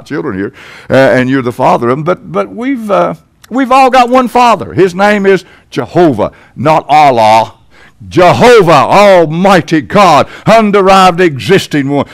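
In a church sanctuary, an older Tennessee preacher with a Southern American accent speaks a little slowly in a high voice with big pitch swings and some vocal fry. His preaching is folksy and emphatic, rising in sudden swells.

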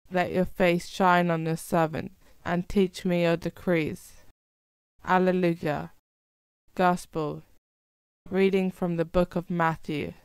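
Smooth, steady woman reading scripture. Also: on the low side, no echo. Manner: measured, steady recitation. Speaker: scripture reader. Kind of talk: liturgical Bible reading.

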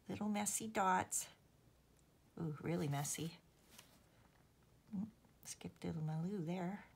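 Lady crafting and chatting, husky gravelly voice, laughs at herself, mumbles while she works. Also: lowish voice. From Canada. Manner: chatty, self-deprecating, murmurs to herself while working. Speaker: host. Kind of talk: casual crafting vlog chat.

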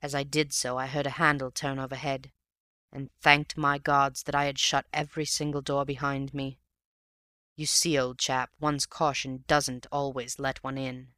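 A man narrating a story aloud in a measured storytelling manner. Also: mid-range voice, flat delivery, sharp tone, no echo, clean studio sound. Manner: measured storytelling, addressing a friend. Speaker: audiobook reader.

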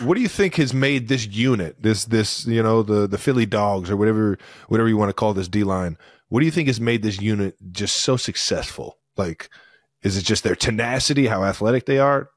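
A man's voice: lowish voice, a little fast, dry recording, clean studio sound. A man hosting a podcast in casual chat, joking around and swearing freely. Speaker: podcast host.

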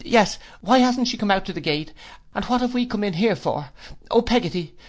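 A man voicing a frightened, tearful young boy in an audiobook, pleading in a high, breathless way. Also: animated, moderate pace, dark tone. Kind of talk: audiobook character voice.

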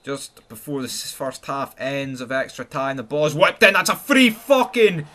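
A man with a Scottish accent giving live, foul-mouthed gameplay commentary, swinging between excited yelling and glum muttering. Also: medium pitch, moderate pace. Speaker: gaming channel host.

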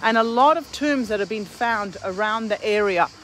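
Walking through a hill town square outdoors with a handheld phone, a tour operator with an Australian accent gives a live tour, chatting and welcoming viewers by name. She has a medium-pitched, slightly bright voice at a moderate pace, with a little hiss or hum.

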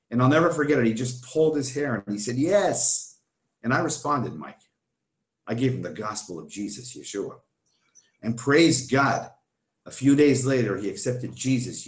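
A man's voice: mid-range voice, reverberant. A man earnestly telling his personal testimony as an interview guest, often turning to the host by name.

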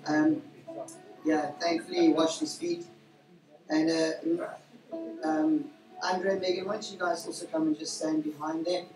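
Male pastor leading a service, rambling and full of fillers, mid-pitched voice, heard from a distance in an echoey hall. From South Africa. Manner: warm, rambling, with frequent fillers and self-corrections. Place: church hall during a service. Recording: roomy church hall from a distance, faint music.

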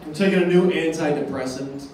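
A young man doing a stand-up set, delivering deadpan one-liners with long pauses into a handheld mic on a comedy club stage. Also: fairly high pitch, recorded from a distance, a little hiss or hum. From Boston area. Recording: echoey club from afar.

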